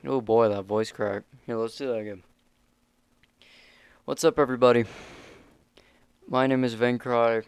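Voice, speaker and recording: A young man ranting casually to camera, with halting speech full of restarts and swearing. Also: mid-range voice, clear, resonant tone, dry recording. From United States. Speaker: vlogger.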